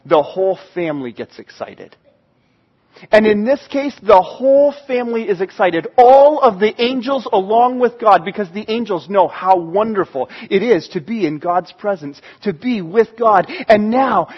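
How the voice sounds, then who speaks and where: An excitable man telling a sermon story with lively animation. His voice is very high and somewhat husky, caught on a dull, lo-fi recording. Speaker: storyteller preacher.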